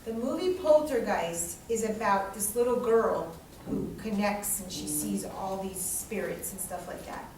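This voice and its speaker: A woman teaching a class, lecturing in a dramatic and animated way and swearing freely. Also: mid-range voice, a little slow, noisy background. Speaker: instructor leading a class. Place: large echoey classroom. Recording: echoey classroom, distant mic.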